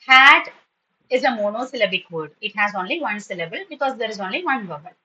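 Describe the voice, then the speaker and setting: Bright-voiced woman teaching a class. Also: medium pitch, lively intonation, dull audio. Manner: patient, spells words out and repeats them slowly. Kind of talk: online spoken English class.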